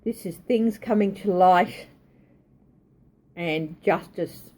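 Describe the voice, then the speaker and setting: Slow, husky woman doing a tarot reading. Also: fairly low pitch, a little mellow. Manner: hesitant, self-correcting. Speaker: tarot reader. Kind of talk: thinking-aloud tarot reading.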